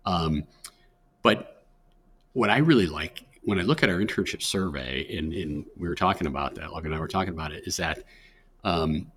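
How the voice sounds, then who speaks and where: A man's voice: low voice, normal speed, a bit bright, slight background noise. A middle-aged man from the United States, a career services director speaking as a podcast guest, giving earnest advice with frequent restarts. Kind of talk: conversational podcast interview.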